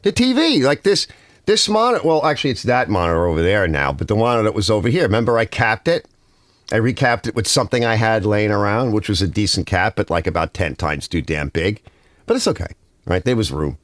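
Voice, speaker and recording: A man's voice: fairly low pitch, animated, a little fast, fairly bright tone, no room sound. A man with a Northern US accent hosting a casual garage livestream, rambling and reading viewer comments aloud.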